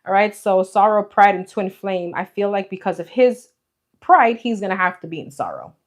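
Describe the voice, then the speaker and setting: A woman's voice: mid-range voice, big pitch swings, normal speed. Female tarot reader, New York accent, casual and talkative, phone mic in a roomy space. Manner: chatty, addresses viewers as girl and guys. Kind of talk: live-stream tarot reading. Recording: echoey room, faint hiss.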